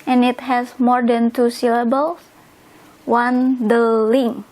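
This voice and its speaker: Slow, high-voiced woman teaching vocabulary. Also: low-quality recording. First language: Indonesian. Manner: repeats words slowly, spells endings out. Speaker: language teacher. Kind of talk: slow instructional explanation.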